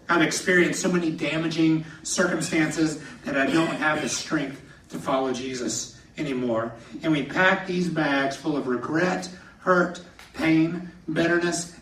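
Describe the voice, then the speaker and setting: A man preaching a sermon as a pastor, telling personal stories in an animated way and laughing through them, from a podium in a church sanctuary. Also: fairly high pitch, a little hiss or hum. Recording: echoey hall, somewhat distant.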